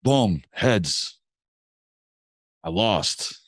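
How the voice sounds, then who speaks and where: A young man from Massachusetts, a music producer telling a story in a casual podcast chat, animated and slangy, swearing casually. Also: fairly low pitch, drawn-out words, no echo. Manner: animated, slangy, swears casually, acts out other people's lines.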